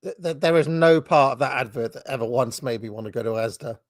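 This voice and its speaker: A man's voice: medium pitch, over loud music. A man co-hosting a casual chat over a video call, mocking adverts and laughing often. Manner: dry, mocking, quick to laugh. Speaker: podcast co-host. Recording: dry close sound.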